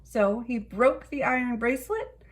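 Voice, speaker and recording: A woman reading a children's picture book aloud in an expressive storytelling way. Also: fairly high pitch, moderate pace, slight background noise. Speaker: storybook reader.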